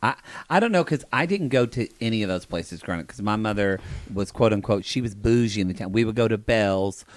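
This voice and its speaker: A man's voice: fairly low pitch, lively intonation, a little fast, hardly any pauses, no room sound. A man from Oklahoma, co-hosting a podcast, telling stories and calling out to listeners. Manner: storytelling, shouts out to listeners. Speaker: podcast co-host. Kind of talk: casual chat.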